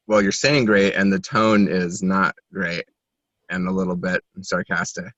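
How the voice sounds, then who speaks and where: A man's voice: sits low, steady tone, unhurried, fairly bright tone, no echo. A man being coached, talking through his feelings in an introspective way and searching for words. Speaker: coaching client. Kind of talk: reflective conversation. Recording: dull, dry lo-fi audio.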